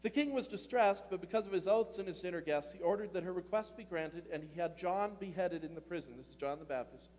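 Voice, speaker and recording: Male pastor, high voice, animated conversational sermon, long church-hall reverb. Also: quick pace, few pauses. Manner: animated, conversational preaching with laughs and questions to the congregation.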